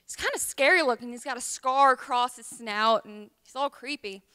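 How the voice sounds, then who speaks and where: A woman's voice: high voice, normal speed, pushed and bright, clean tone. A woman from Tennessee, telling a rambling tall tale at a liar's contest, full of ums. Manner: chatty, rambling, with many ums.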